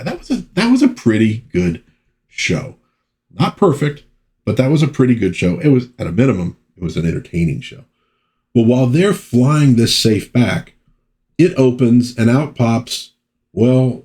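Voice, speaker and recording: A man's voice: on the low side, darkish tone. A man casually recapping an old comic book issue, chatting about the plot with his own asides.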